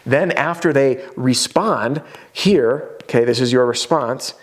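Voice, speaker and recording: Energetic man teaching a sales lesson. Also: medium pitch, a little slow. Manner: energetic, acts out homeowner voices; casual, conversational teaching with asides. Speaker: roofing sales trainer.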